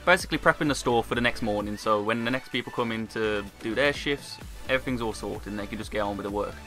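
A young British man telling a story in a casual, sweary, animated way. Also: lowish voice. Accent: British English. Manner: brisk, animated, sweary retelling. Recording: faint background music.

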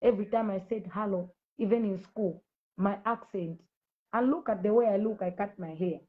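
Heard through phone-quality sound, a woman in her late thirties who hosts a Christian ministry speaks at a moderate pace and medium pitch. On her live stream she gives a fervent testimony, preaching and calling out commenters by addressing them directly.

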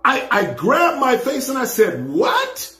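A man recounting a vision in a dramatic way, his voice swinging up into shouts. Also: very high-pitched, huge pitch swings, a little slow, echoey room, faint music behind.

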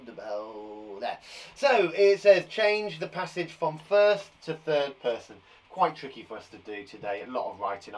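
Brief: young British male teacher, cheery and encouraging, slightly higher voice, live online kids' lesson. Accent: British English. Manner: upbeat and encouraging, playful asides. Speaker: primary school teacher.

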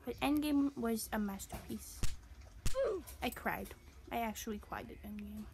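A woman's voice: fairly high pitch, measured pace, gravelly, slight background noise. A woman playing a giddy boastful puppy. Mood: giddy bragging. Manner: giddy, bragging, swings to loud shouts and whispers. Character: silly boastful young puppy. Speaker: channel host. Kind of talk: gameplay commentary in character.

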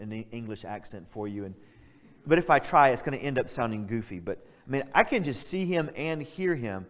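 A man's voice: on the low side, lively intonation, a little fast, a bit bright. A male pastor preaching a sermon, earnest and emphatic, stressing key words as he builds his point. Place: church sanctuary. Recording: church hall reverb.

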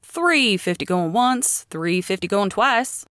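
Woman performs booming male auctioneer, drawn-out bid calls, dry read. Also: lively intonation, a bit bright, no echo. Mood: hearty, calling bids. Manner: booming, drawn-out calling of bids.

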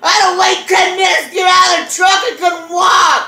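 A woman telling a story in a loud, profane rant, cursing and laughing as she yells. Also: very high voice, little pitch movement, fairly quick, vocal fry. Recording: roomy echo.

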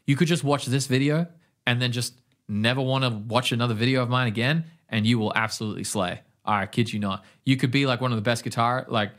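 In a mid-range, fairly bright voice, the Australian-accented guitar teacher talks fairly quickly through his casual online music lesson. He's enthusiastic and rambling, scatting rhythms out loud.

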